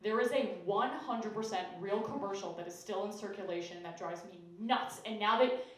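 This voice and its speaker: A woman's voice: medium pitch, normal speed. A woman comedian performing a sarcastic stand-up set, acting out characters in exaggerated voices, with audience laughter behind her. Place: comedy club stage with live audience. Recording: echoey club room from far off.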